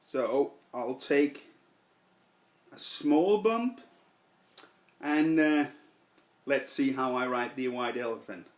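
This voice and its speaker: A man giving a casual product review in a slow, deliberate way, thinking aloud with fillers. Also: mid-range voice. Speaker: snuff reviewer.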